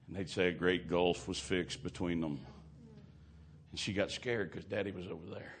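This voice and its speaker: A man preaching a fervent sermon, swinging from hushed asides to shouting. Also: low voice, brisk, slightly rough.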